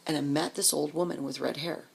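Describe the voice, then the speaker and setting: A woman's voice: sits low, a little fast, creaky, breathy edge. A woman telling a long personal story in a casual, profane way, acting out what people said and sometimes dropping to a whisper. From Denver area, US. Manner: profane, animated, acts out quoted voices, drops to whispers. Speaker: vlogger.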